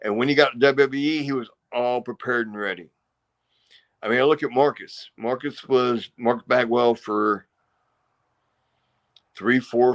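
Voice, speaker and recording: A middle-aged man talks through long, rambling stories in a relaxed interview. He acts out what others said and drops in punchy sound effects. His voice sits at an ordinary middle pitch. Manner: rambling, acts out quotes and crowd noises. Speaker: interview guest, former pro wrestler. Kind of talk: casual storytelling interview.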